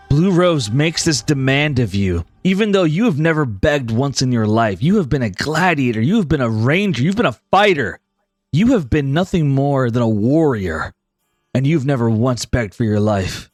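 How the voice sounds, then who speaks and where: A man's voice: mid-range voice, expressive, moderate pace, faint music behind. A man narrating as game master of a tabletop game, dramatic with apologetic asides.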